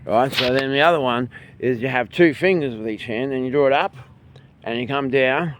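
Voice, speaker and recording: An Australian man leading a qigong and breathing lesson outdoors by a bay, filming on a handheld phone, calm and soft-spoken, his voice sometimes trailing off quietly. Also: medium pitch, moderate pace, a little hiss or hum. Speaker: qigong and meditation instructor. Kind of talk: guided breathing instruction. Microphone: handheld phone, filming himself.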